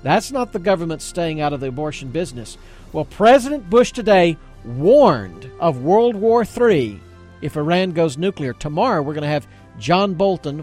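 A man hosting a talk radio show, taking callers and speaking briskly and emphatically. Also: high voice, a little mellow. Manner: brisk, emphatic, takes calls.

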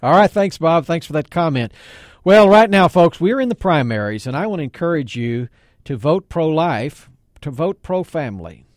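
A man's voice: a little high, expressive, moderate pace, no room sound, studio quality. A man hosting a talk radio show, earnest and emphatic, preacherly in his appeals to listeners.

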